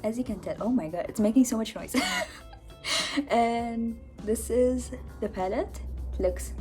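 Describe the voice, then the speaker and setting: A young woman in her twenties chats through a makeup haul at home, laughing at herself and slightly out of breath. Her voice is mellow and soft-edged, with faint music and household noise behind her. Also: on the high side, sing-song, slow. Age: 20s. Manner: chatty, giggly, self-mocking. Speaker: beauty vlogger. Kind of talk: casual makeup haul chat. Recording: home vlog with background noise.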